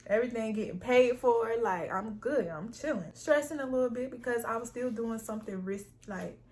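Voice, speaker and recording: Young female vlog host, slightly high voice, blunt and profane, relaxed storytelling. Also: moderate pace, few pauses. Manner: blunt, profane, streetwise talk. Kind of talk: casual storytelling chat.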